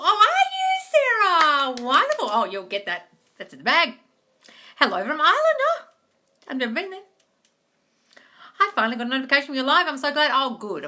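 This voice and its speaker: A woman's voice: on the high side, sharp tone. A woman hosting a live question-and-answer stream, chatting casually, reading out comments and calling viewers darling. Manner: chatty, calls everyone darling. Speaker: manifesting coach hosting a live Q&A.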